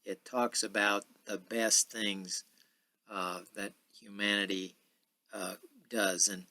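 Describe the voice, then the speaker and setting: A man's voice: fairly low pitch, level tone, pushed and bright, dry recording. Rambling man in his sixties. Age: 60s. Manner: rambling, many filler pauses. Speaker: podcast host. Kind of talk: casual monologue.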